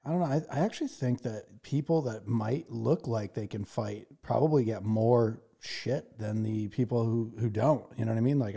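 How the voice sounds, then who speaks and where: A podcast host chatting casually, his mellow, relaxed voice pitched at a middle level for a man. He rambles through his thoughts with lots of fillers and laughs easily. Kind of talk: casual chat.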